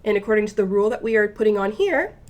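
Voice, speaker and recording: A woman teaching a recorded language lesson, explaining each point patiently step by step and slowing down for the example phrases. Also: mid-range voice, animated.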